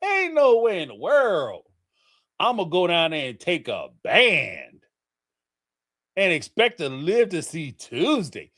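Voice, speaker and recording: A man's voice: on the high side, slow. A middle-aged man hosting a call-in livestream, giving casual, theatrical commentary with frequent laughter. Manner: animated, theatrical, laughing storyteller.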